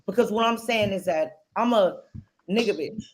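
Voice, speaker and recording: Woman talking straight on a podcast, lots of cussing, middle pitch, tells it like a story. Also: moderate pace, slight background noise. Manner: blunt, profane storytelling. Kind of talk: casual chat.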